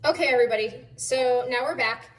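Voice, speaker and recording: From her home kitchen, a woman hosts a casual cooking vlog, chatty and joking, filling her speech with lots of "like." Her voice is fairly high and a little fast, with a reverberant sound.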